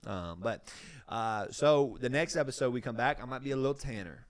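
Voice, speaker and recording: A man's voice: mid-range voice, moderate pace, no room sound. A young man co-hosting a podcast, chatting casually and rambling with restarts. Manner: laid-back, rambling, laughs often, restarts phrases. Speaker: podcast co-host. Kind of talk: casual chat.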